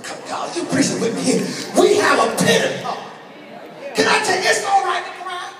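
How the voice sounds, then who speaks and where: A male pastor preaching a sermon, swinging from quiet asides to shouted call-outs. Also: very high-pitched, big pitch swings, fairly quick, crowd noise. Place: large church sanctuary with congregation. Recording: echoey church hall from far off.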